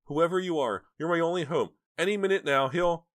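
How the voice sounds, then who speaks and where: A man's voice: on the high side, fairly quick, pitched above the performer's own voice, lightly acted. A man voicing a terrified young woman begging for help over the phone in an audiobook. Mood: desperate pleading. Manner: desperate, begging.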